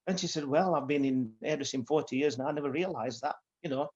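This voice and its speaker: A man's voice: fairly high pitch, quick pace, a little mellow. Older man, rambling anecdotes. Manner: rambling anecdotes with many fillers. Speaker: guest barber. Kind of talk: casual storytelling. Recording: dull lo-fi sound.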